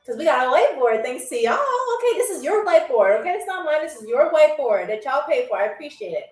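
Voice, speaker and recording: A woman's voice: high voice, very animated, fast talker, recorded from a distance. A woman hosting a live-stream trivia game show. She talks in a playful, teasing, chatty way to her viewers. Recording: roomy sound from away from the mic.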